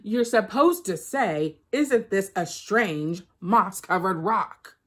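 Woman playing a male spider trickster, lazy, scheming, high and loud, insistent, storybook reading. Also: huge pitch swings, unhurried, heavily acted. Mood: angry. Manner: insistent, rising to shouting.

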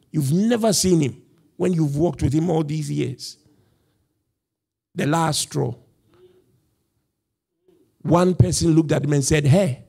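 A man's voice: a little high, creaky, mellow. A male pastor preaching a sermon, telling the story with animation, acting out the quoted voices and laughing as he goes. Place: church.

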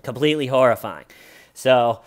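A man breaking down an interrogation in a loose, chatty way. He is animated and wry, with dry dark humor, and often slips into quoting the people he talks about. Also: medium pitch, normal speed, slight background noise. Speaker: true crime commentator. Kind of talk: casual video commentary.

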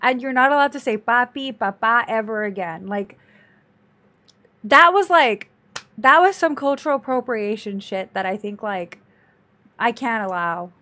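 Female streamer, reaction commentary, dramatic exclaiming, unhurried delivery, a bit high-pitched. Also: sharp tone. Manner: dramatic, exclaiming, talks to chat.

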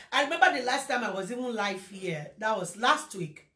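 A woman with a Nigerian accent telling a personal story in a casual livestream, animated and slipping into Pidgin. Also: a little high, brisk, hardly any pauses. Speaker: social media presenter. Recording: echoey room.

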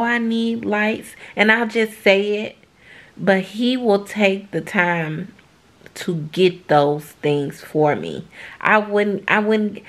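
Woman vlogger, crying softly, slow halting delivery. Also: on the low side. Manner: tearful, heartfelt, slow and halting. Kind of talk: emotional casual vlog talk.

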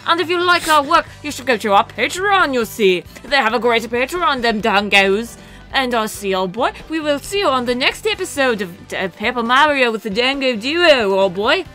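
A woman voicing a pompous, old-fashioned gentleman explorer who blusters and calls everyone old boy. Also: a little high, lively intonation, moderate pace, faint music behind.

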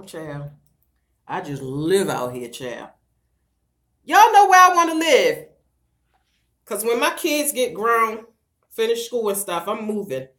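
A middle-aged woman with a Baltimore accent, chatting sassily with viewers on a casual livestream vlog. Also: mid-range voice. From Baltimore, USA. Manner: sassy, chatty, calls viewers girl and child. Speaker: livestream vlogger.

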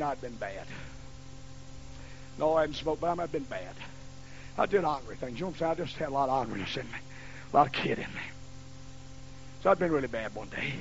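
A man in his fifties preaching a sermon in a folksy storytelling way that builds to shouting, on a dull lo-fi recording. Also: medium pitch, gravelly. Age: 50s. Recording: dull lo-fi recording with faint hiss.

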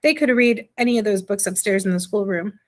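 Ten-year-old boy, played by a woman, hushed hoarse whisper, nervous, blustering, trembling. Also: mid-range voice, animated, a little fast, lightly acted. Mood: eager, boastful.

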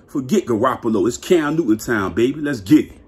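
A man vlogging a hyped, slangy football rant, laughing and repeating himself in his excitement. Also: medium pitch, brisk. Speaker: sports vlogger.

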